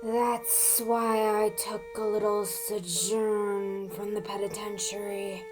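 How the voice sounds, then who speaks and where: A woman reading a calm escaped convict. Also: mid-range voice, slow, music in the background, natural voice. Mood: measured menace. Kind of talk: reading game dialogue aloud.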